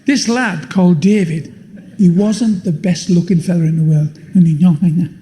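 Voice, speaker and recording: An older man performing a blunt, swearing stand-up comedy routine with deadpan punchlines. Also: high-pitched, normal speed. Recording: live show in a long-reverb hall.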